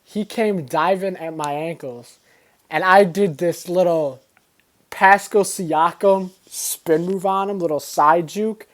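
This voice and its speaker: A young man casually telling school stories to camera, animated and slangy, acting out the voices of the people he quotes. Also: high voice, slow. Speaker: vlogger. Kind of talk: casual storytelling.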